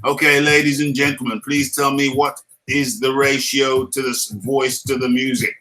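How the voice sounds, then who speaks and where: A man's voice: mid-range voice, level tone, moderate pace, bright, forceful tone, soft background music, rough recording. A man with a British accent hosting a casual live stream, playful and laughing often, repeating his lines as he reads the chat.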